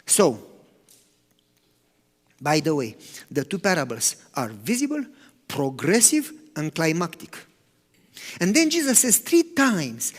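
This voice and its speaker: A man preaching a sermon as pastor, animated, swinging from loud to hushed. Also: sits high, unhurried, long pauses. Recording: long hall reverb.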